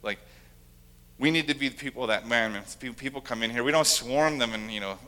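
A man's voice: medium pitch, a little fast, bright, forceful tone. A young adult man, a pastor, preaching a sermon in a conversational, self-deprecating way, acting out quotes from worried visitors.

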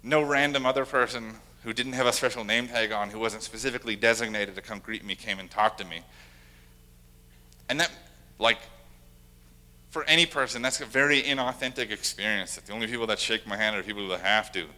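A man's voice: lowish voice, a little fast, bright, forceful tone. A young adult man, a pastor, preaching a sermon in a conversational, self-deprecating way, acting out quotes from worried visitors.

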